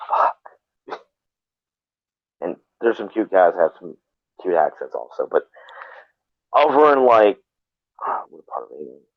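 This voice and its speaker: A man hosts a live stream, rambling through casual chat full of swearing and restarts. His voice sits low. It comes over a thin, phone-like line with no room sound at all. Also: big pitch swings, slow, pauses often, no room sound. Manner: rambling and profane, with many restarts.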